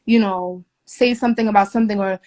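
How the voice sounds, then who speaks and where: A woman's voice: medium pitch, fairly even intonation, quick pace, darkish tone. A young woman, a flight attendant, venting her story in a casual video from a hotel room, indignant and emphatic, swearing often. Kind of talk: casual phone video rant.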